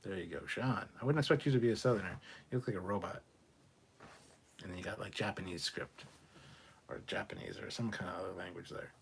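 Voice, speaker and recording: Husky man hosting a livestream. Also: low voice, lively intonation, fairly quick, long pauses. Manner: profane, offhand, reads viewer comments aloud. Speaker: livestream host reading chat. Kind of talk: casual live chat.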